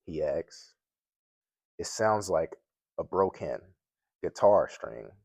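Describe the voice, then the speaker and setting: A man's voice: low voice, expressive, takes it slowly, gravelly, darkish tone, slightly rough, no room sound. A man reading a children's book aloud as a guest reader, plainly, with occasional slips and restarts.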